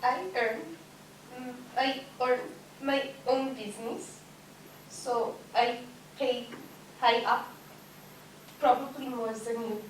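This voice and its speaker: A woman playing a high-voiced Swedish businesswoman. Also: steady tone. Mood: proud. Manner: slow, broken English. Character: proud Swedish businesswoman, simple English. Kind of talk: improvised comedy scene. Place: workshop room. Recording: echoey room from far off, faint noise.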